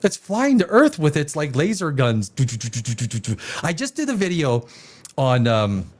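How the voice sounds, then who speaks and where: Lively sarcastic male live streamer. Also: on the high side. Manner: sarcastic, rambling, laughs at headlines. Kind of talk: casual live stream commentary.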